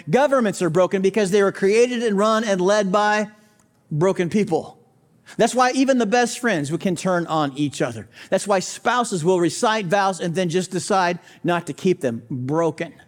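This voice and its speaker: A man with a high voice preaches a sermon, stacking short repeated lines for emphasis. He talks straight to the listener and throws out rhetorical questions like a pastor addressing doubters. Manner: emphatic, repetitive preaching cadence.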